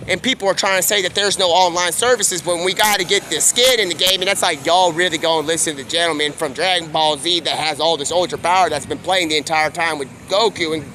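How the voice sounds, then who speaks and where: A man streamer telling a rambling, improvised story, jumping into quick character voices. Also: a little high, sharp tone, slight background noise.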